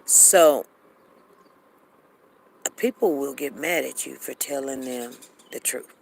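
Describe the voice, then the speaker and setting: Woman, casual chat host, gravelly, animated, quoting people back and forth. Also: extremely low pitch, slow pace, slight background noise. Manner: animated, acts out both sides of arguments, repeats phrases. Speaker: host of a live audio chat room. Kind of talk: casual live-room monologue.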